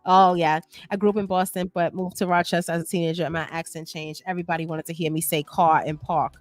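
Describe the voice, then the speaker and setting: A woman from New York co-hosting a casual livestream, reading viewer comments aloud and chatting in an animated, laughing way. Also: fairly low pitch, no echo. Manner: animated, laughs often, drawn-out emphasis. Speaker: livestream co-host reading chat. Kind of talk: casual chat.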